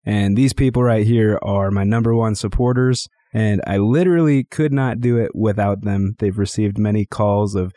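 A man hosting a casual podcast, talking in a relaxed, chatty way with his family and retelling a story. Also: lowish voice, normal speed, hardly any pauses, no echo. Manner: relaxed, chatty, retells stories with quoted voices. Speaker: podcast host.

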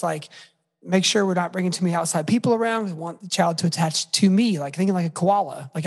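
A man with a husky edge to his voice chats casually, joking at his own expense in upbeat bursts. A long hall reverb trails behind each phrase. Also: sits high. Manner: upbeat, self-deprecating, quick bursts. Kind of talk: casual conversation.

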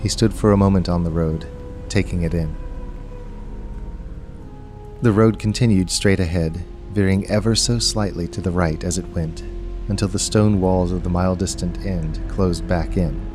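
A man reading a story aloud as narrator, in a measured, unhurried storytelling manner. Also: low-pitched, steady tone, a little mellow, faint music behind. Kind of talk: scripted audiobook narration.

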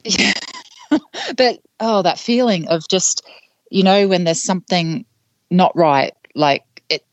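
A woman's voice: fairly low pitch, animated, slow, no room sound. A woman guest on a podcast, telling a story casually with many fillers and laughs between phrases. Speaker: podcast guest, trail runner.

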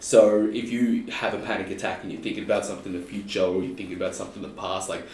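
A man's voice: deep voice, fairly even intonation, very fast, a little mellow. A man chatting casually, rambling with small stammers and easy laughs. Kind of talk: casual chat. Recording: roomy, distant mic with faint noise.

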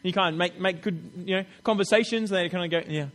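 A man preaching a sermon in a chatty, animated way, acting out little quotes with laughs. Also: high-pitched, fairly quick.

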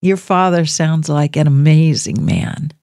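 A woman hosting a call-in radio show, speaking gently and consolingly to callers, calling them honey. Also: deep voice, unhurried, no room sound, studio quality. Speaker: radio host.

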